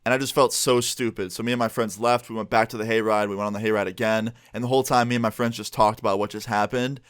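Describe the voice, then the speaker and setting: A man's voice: on the low side, fairly even intonation, fast talker, smooth, no echo, studio quality. A young man telling a personal story to his viewers in a casual, chatty way, peppered with "like". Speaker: vlogger.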